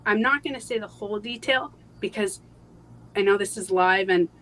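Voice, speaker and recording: A woman guest in a live interview, telling a personal story in a halting way, with many fillers and restarts, going soft on painful moments. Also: mid-range voice, background noise.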